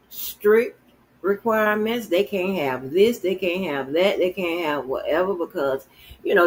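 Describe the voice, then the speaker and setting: Husky, rambling male podcast co-host. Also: high voice, rough recording. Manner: rambling, loose and profane. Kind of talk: casual chat.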